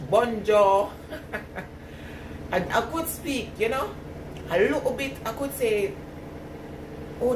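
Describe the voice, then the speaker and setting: A middle-aged woman with a Jamaican patois accent, chatting casually with live viewers and laughing often. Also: mid-range voice. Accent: Jamaican patois mix. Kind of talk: casual live-stream chat. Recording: echoey, distant mic with loud background noise.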